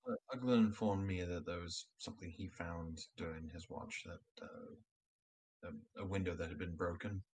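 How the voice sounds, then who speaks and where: A man's voice: low-pitched, steady tone, normal speed, a little mellow, husky, no room sound, low-quality recording. A man playing a tabletop game who speaks hesitantly, with many fillers. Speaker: player. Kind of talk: casual tabletop game chat.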